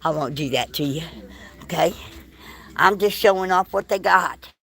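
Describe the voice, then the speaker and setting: A woman's voice: fairly low pitch, moderate pace, vocal fry, fairly bright tone, breathy edge. A woman, filming a casual vlog walk-through of an indoor shop on a handheld phone, exclaiming and gushing over what she sees. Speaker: vlogger.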